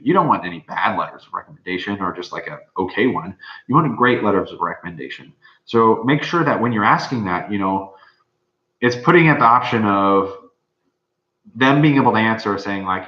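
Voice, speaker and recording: A man's voice: animated, a little fast. A young man, a medical student, giving rambling, informal advice with many fillers. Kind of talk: casual advice talk. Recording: dull, roomy low-fi recording.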